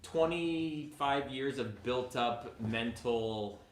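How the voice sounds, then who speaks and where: A man in his twenties, co-hosting a vlog and telling a personal story in a casual, halting way with frequent restarts. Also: medium pitch, slight background noise. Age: 20s. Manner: halting, self-interrupting storyteller. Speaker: vlogger, co-host. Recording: echoey room.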